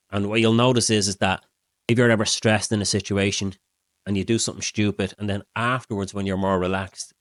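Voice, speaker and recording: A middle-aged man, a mindset coach, calmly explaining breathing and relaxation to his viewers in a steady way. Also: sits low, no room sound. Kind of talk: explaining to camera.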